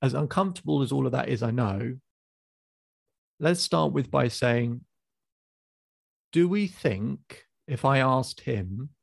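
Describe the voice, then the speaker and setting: Male life coach, gravelly, calm probing delivery, dry close sound. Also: mid-range voice, slow, long pauses, no room sound. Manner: calm, probing questions, hesitant restarts. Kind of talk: coaching session. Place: video call.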